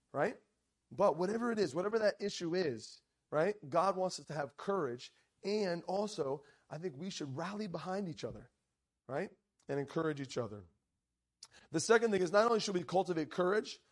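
A male preacher telling a story in a sermon, acting out the quoted lines and often checking in with "right?". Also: on the high side. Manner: animated storyteller, frequent "right?" asides, acts out quoted lines. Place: church.

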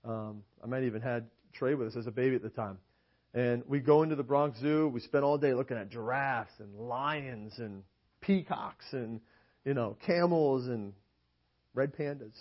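A man's voice: medium pitch, moderate pace. A young to middle-aged man preaching a sermon in an emphatic way, often checking in with the congregation and reading scripture aloud. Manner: rhetorical, keeps asking "right?". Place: church meeting hall. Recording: dull lo-fi recording.

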